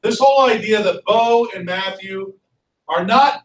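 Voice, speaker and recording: A man lecturing a history class with a fairly high voice, constantly checking in with his students. He is recorded from a distance, so the classroom's echo carries his voice. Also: measured pace. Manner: lively, constantly checks in with "okay?" and "right?". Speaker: history teacher. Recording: roomy classroom, mic far off.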